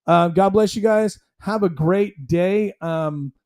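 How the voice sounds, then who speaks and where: A man's voice: sits high, takes it slowly, darkish tone. A man hosting a solo commentary podcast, talking emphatically in a rambling, conversational way. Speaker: podcast host.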